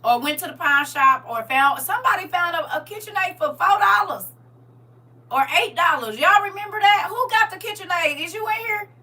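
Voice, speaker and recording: Bright-voiced woman chatting live with viewers. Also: extremely high pitch, animated, moderate pace, recorded from a distance. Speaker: livestream host. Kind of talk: casual live chat with viewers.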